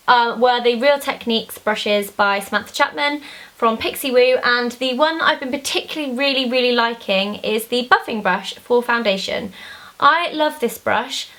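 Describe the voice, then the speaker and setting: A young beauty vlogger with a fairly bright voice on the high side chats casually about her favourite things. She's bubbly and rambles a bit, using many fillers.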